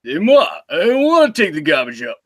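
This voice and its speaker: Guy doing a whiny teen tough guy, slurry mumbly drawl, all over the place pitch-wise. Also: huge pitch swings, brisk, a bit bright, no room sound, clean studio sound, heavily acted. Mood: sulky. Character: young male movie tough guy as a whiny teenager. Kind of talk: comic impression.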